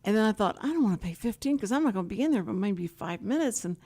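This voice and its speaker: A woman's voice: medium pitch, lively intonation, quick pace, mellow, husky. An older woman hosts a community radio talk show and spins a story with lots of chatty asides. She acts out the other people's lines as she goes. Her voice sits in the middle of the range. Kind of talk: casual chat with guests.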